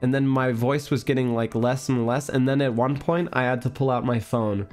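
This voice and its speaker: A young man streaming a casual chat, his voice still a little hoarse and worn, rambling through an animated story. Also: mid-range voice, moderate pace, faint music behind. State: hoarse, recovering voice.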